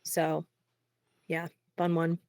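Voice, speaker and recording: A young woman, a singer-songwriter, talking candidly in a casual interview, peppering her speech with "like" and quick laughs. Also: low voice, monotone, a little mellow, no room sound, clean studio sound. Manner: frequent "like" fillers, quick laughs.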